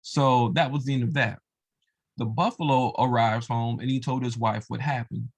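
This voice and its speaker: A man's voice: mid-range voice, steady tone, normal speed, breathy edge. Man casually retelling a folk tale. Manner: loose, with many fillers. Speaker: storyteller of religious tales. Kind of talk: casual oral storytelling.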